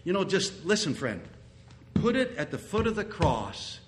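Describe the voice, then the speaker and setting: A man preaching a sermon as pastor, earnest, repeating key phrases and sometimes rising to loud exclamations. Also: on the high side, wildly swooping pitch, measured pace.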